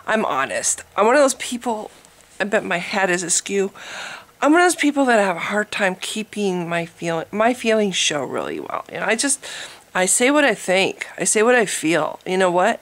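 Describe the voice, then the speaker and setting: A woman's voice: mid-range voice, fairly bright tone. A woman vlogger answering a commenter in a blunt, exasperated monologue, laughing mockingly and mimicking the people she argues with. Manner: blunt, says she is annoyed rather than angry. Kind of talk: casual ranting monologue to camera.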